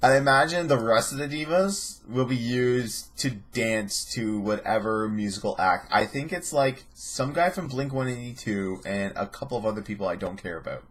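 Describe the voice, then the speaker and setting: A man's voice: mid-range voice, moderate pace, few pauses. A man hosting a casual vlog who rambles with profane sarcasm. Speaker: host.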